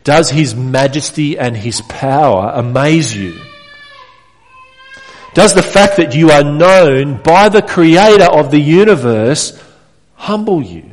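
A man's voice: fairly high pitch, expressive, takes it slowly. A man preaching a sermon to his congregation, earnest and direct, often putting questions to his listeners. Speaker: pastor. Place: church hall. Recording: reverberant church hall.

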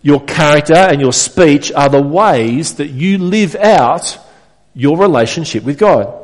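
A man's voice: a little high, expressive, a little slow. A man preaching a sermon to his congregation, earnest and direct, often putting questions to his listeners. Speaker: pastor. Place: church hall. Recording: reverberant church hall.

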